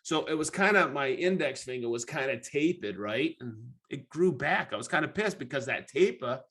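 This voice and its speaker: Bright-voiced man telling a shop story. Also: medium pitch, normal speed, husky. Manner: animated, profane, acts out his own reactions. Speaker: podcast host. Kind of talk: casual chat, storytelling.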